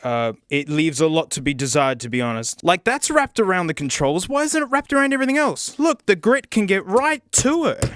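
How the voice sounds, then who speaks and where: An excitable, sarcastic man reviewing a gadget in a casual vlog, often laughing and exclaiming. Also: high-pitched, a little fast, few pauses, dry recording.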